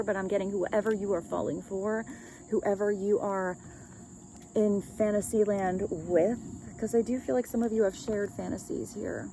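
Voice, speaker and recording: A woman's voice: medium pitch, background noise. A woman giving a casual, rambling love reading as a tarot reader, chatting with light laughs.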